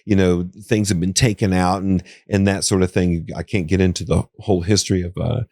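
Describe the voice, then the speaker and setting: A man with a low voice and an Appalachian accent tells a story as a podcast guest. He rambles and restarts, fills his talk with "you know", and his voice leaps up when he quotes someone. The sound is dry and close. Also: little pitch movement, brisk, darkish tone, dry recording. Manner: voice jumps up high when quoting others. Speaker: psychic guest. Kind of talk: casual storytelling interview. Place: podcast studio.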